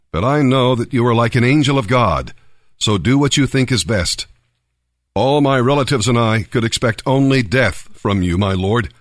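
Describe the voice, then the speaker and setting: A man's voice: mid-range voice, no echo, studio quality, natural voice. A man reading scripture aloud, voicing a humble nobleman who defends his loyalty to the king. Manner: humble, deferential.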